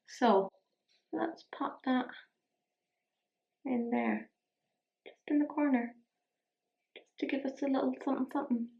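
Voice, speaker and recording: A young woman with an Irish accent rambles cheerfully through a makeup tutorial, dropping self-mocking asides as she works. Her voice sits a little high. The room around her is echoey. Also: a bit bright. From Ireland. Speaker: beauty vlogger. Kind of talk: casual makeup tutorial chat.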